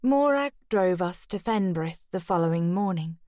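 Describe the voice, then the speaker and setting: A woman reading a first-person mystery audiobook in a steady, measured way. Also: on the low side, no echo, studio quality. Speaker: audiobook narrator.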